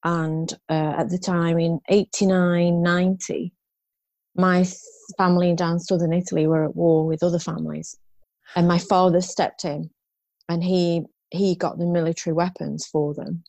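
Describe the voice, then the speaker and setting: A woman's voice: lowish voice, level tone, moderate pace, a little mellow, no room sound. A woman in her fifties, a guest in an interview, telling her story frankly and ramblingly, with restarts and rueful laughs.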